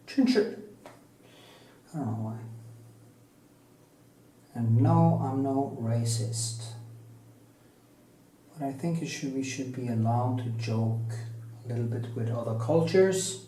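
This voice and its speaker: Slow-talking Norwegian man, mellow voice. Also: mid-range voice, reverberant, a little hiss or hum, poor audio. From Norway. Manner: slow, musing, joking asides. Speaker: painting teacher. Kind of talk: rambling talk while painting.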